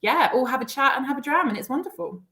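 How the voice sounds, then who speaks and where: A woman's voice: sits high, lively intonation, fast talker, sharp tone. A woman co-hosting a live whiskey tasting in casual chat, enthusiastic and given to repeating her phrases.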